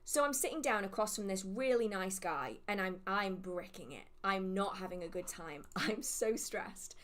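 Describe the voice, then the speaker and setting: A woman's voice: medium pitch, expressive, moderate pace, fairly bright tone. A young woman hosting a witchcraft livestream, telling a rambling, self-deprecating story full of fillers. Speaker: witchcraft channel host.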